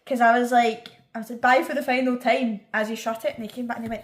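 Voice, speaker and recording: Scottish young woman telling an animated story. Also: fairly high pitch, fast talker. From Scotland. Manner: animated, laughing, acts out quotes. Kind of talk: casual storytime chat.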